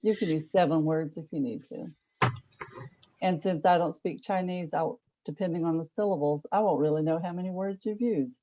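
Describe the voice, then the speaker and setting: A woman's voice: on the low side, moderate pace, noisy background. A woman interviewing a guest on a video call, jokey and teasing. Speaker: interviewer at a club meeting. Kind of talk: lighthearted interview hosting. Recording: slightly dull lo-fi video call audio.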